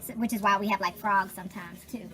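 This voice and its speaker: A woman chatting loudly in her home kitchen, emotional and swearing freely as she talks. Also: medium pitch, fairly even intonation, quick pace. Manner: loud and emotional, talking over music, cursing freely. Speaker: vlogger. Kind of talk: casual chat. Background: music playing.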